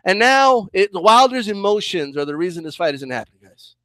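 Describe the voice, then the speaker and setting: A man's voice: high voice, very animated, brisk, bright, forceful tone, no room sound. A man with a combative, profane style, ranting heatedly as he reacts to a clip in boxing commentary.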